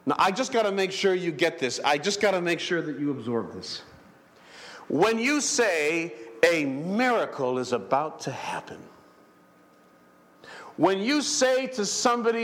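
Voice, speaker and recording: A man preaching a sermon in a church, animated, acting out characters and calling for amens. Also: high-pitched. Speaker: pastor.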